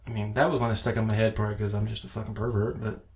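A man's voice: lowish voice, flat delivery, racing. A man co-hosting a casual comedy podcast, swearing freely and acting out characters in his stories. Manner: profane, acts out silly voices in stories. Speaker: podcast co-host.

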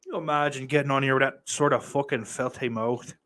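A man's voice: mid-range voice, steady tone, fast, fairly bright tone. Man, from the United States, livestream host, casual chat, profane, rambling, lots of fillers. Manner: profane, rambling, with many fillers and mock outbursts.

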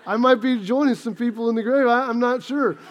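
High-voiced man preaching with playful humor. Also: brisk, lo-fi sound. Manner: chatty, self-deprecating storyteller. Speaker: pastor. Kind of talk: sermon with a humorous personal story.

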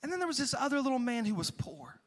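A man voicing a stern biblical prophet who tells a parable and then gravely confronts a king. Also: extremely high pitch, big pitch swings, fast, in a large hall. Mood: storytelling.

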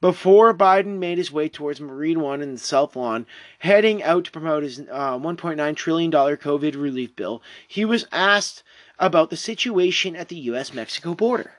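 A vlogger reacting to a news story, sliding between deadpan reading and sarcastic outbursts. The voice swings widely in pitch, mocking words by repeating them and cursing freely. The delivery sits in a mid register and is neither high nor low. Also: moderate pace. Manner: sarcastic, exasperated, swears often, mocking repetition; jumps between flat reading and loud outbursts. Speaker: commentator reacting to a news article. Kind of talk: reading an article aloud with ranting commentary.

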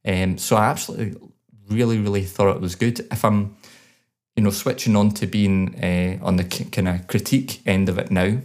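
Guy with a really low voice, chatty podcast co-host, gets excited about the music. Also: moderate pace. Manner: enthusiastic, detailed feedback with frequent restarts. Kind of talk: casual chat reviewing songs.

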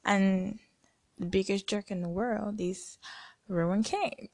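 A young woman talks through a favorite book in a relaxed podcast chat. She gushes as she goes and keeps dropping into quick quoted lines while she retells the scenes. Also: medium pitch, gravelly. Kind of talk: casual book review chat.

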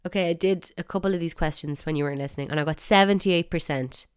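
A woman's voice: on the low side, fast, clean tone. A woman with an Irish accent hosting a solo podcast, chatty and wry, with bursts of mock outrage. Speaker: podcast host.

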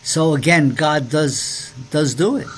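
A man's voice: on the high side, takes it slowly, slight background noise. A man co-hosting a faith podcast and preacher, giving an earnest personal testimony in casual conversation, with many restarts.

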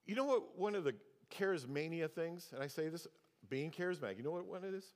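A man's voice: animated, fast. A man in his sixties preaching a sermon, telling a story and acting out its dialogue. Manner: storytelling, acts out dialogue with pitch jumps. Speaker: pastor. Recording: long hall reverb.

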